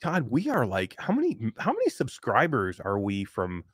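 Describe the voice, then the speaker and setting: This is a man co-hosting a casual gaming live stream. He jokes around and reads viewer names aloud, and his pitch rises and falls freely. The sound is close and dry. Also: moderate pace, husky, no room sound. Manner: animated, joking, reads chat names aloud. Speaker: podcast co-host.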